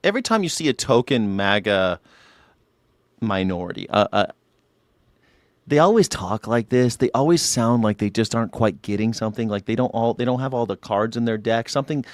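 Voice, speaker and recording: A man's voice: fairly low pitch, animated, moderate pace, pauses often, dry recording. A man hosting a live news reaction show, sarcastic and mocking, with frequent profanity.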